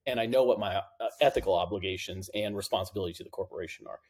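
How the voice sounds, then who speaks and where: A man's voice: sits low, rapid-fire, darkish tone, breathy edge. A middle-aged man, a guest on an interview podcast, telling anecdotes in a casual way and acting out the dialogue he quotes. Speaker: podcast guest, compliance officer.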